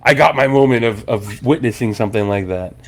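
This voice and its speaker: A young adult man hosting a podcast, telling a story in a casual, animated way, swearing and acting out the people in it. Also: mid-range voice, a little fast, crowd noise. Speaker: podcast host.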